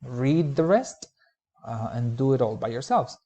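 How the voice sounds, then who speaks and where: A man gives a recorded pronunciation lecture in a warm, relaxed tone at a middling pitch. He explains mouth positions and stretches each example word slowly so students can copy it. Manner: explanatory, slows to model words clearly. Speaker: pronunciation teacher.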